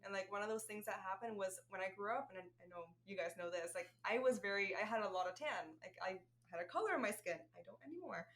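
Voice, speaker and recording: A woman from Puerto Rico sharing a personal story in casual podcast chat, lively and full of fillers. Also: mid-range voice, fast talker, hardly any pauses. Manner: animated storytelling with many fillers. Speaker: podcast co-host.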